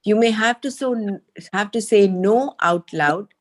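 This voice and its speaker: Measured woman reading scripture. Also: medium pitch. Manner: measured, thoughtful, with hesitant fillers when speaking freely. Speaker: study group leader reading the text. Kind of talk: reading aloud and explaining.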